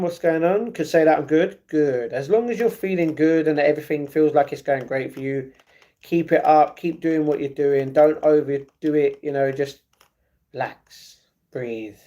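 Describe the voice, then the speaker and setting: Reading comments aloud and responding to them, a young live streamer from England chats casually and tends to repeat himself. He has a warm voice on the high side.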